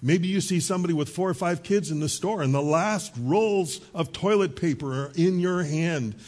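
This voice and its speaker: A middle-aged man preaching with a husky, somewhat breathy voice that sits fairly high for a man. He tells stories in an easy, conversational way, with quick asides to the congregation. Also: a little mellow. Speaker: pastor. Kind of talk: sermon.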